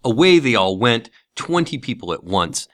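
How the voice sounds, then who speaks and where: A man reading a classic novel aloud as an audiobook, with expressive storytelling. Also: mid-range voice, moderate pace, no room sound, studio quality. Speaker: narrator.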